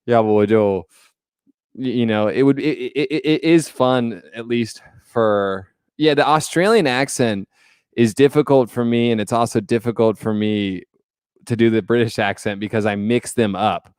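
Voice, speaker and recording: A man's voice: medium pitch, moderate pace, a little mellow, clear, resonant tone, no room sound, studio quality. A man hosting a casual livestream, chatty and joking as he greets viewers by name. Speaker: livestream host.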